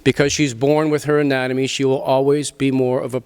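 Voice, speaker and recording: A middle-aged man, speaking to a literary festival audience in an animated, emphatic way, often restarting his sentences and swearing casually. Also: mid-range voice, fairly quick, clear, resonant tone. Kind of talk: animated talk and Q&A. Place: festival venue before an audience.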